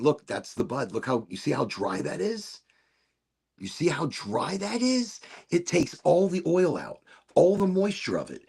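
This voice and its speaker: Rambling through a laid-back livestream chat, the male host wanders from topic to topic, tossing in asides and giggling. His voice is gravelly and a bit husky, dropping to low mutters and then rising to bright exclamations.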